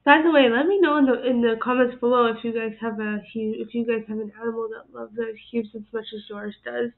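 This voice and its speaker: A woman's voice: fairly high pitch, fairly even intonation, quick pace. A woman hosting a reaction channel, chatting casually and giggling often as she comments. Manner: chatty and giggly, laughing often between remarks. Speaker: host of an animal video reaction channel. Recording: tinny phone-like sound.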